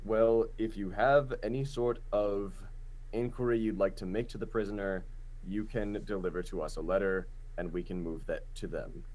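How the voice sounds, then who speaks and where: A man's voice: fairly low pitch, fairly even intonation, normal speed, darkish tone, close to an everyday voice, poor audio. A man voicing a stiff male city guard who talks in a formal, dismissive way.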